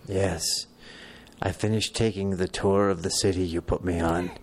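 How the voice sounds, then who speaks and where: A man's voice: fairly low pitch, moderate pace, natural voice. A man voicing an ancient, distrustful half-vampire warrior, with a dry, sarcastic manner.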